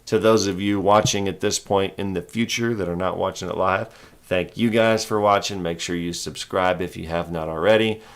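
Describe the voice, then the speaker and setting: A man with a very deep, gravelly voice talks through a trading livestream. His delivery is calm, low-key and rambling, with little lift in his tone. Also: normal speed. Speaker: host of a stock trading livestream. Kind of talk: casual livestream chat.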